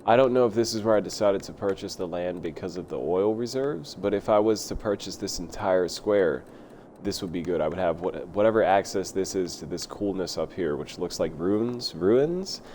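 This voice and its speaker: A man streaming a city-building game live, rambling excitedly and talking to himself as he plays. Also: sits low, a little fast, a little hiss or hum. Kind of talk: casual live gameplay commentary.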